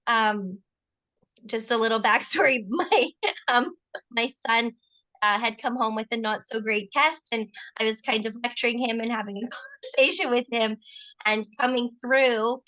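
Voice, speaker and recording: A woman's voice: fairly high pitch, moderate pace, sharp tone. A woman chatting casually and telling stories, peppering her talk with "like" and "right?". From Canada. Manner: chatty, storytelling, frequent 'like' and 'right?'. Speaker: co-host asking questions. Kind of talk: casual conversation.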